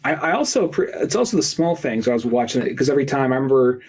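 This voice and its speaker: A man's voice: mid-range voice, very animated, fast, darkish tone, slightly rough. A man co-hosting a podcast, rambling through game memories in crude, profane banter. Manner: rambling, profane, trails off and restarts. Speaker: podcast co-host. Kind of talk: casual crude comedic chat.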